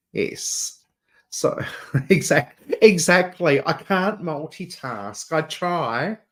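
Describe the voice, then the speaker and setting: A man's voice: a little high, sing-song, drawn-out words, pauses often, a bit bright. A man with an Adelaide Australian accent, hosting a casual livestream chat, chatty and camp, laughing often and calling listeners dear. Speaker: channel host.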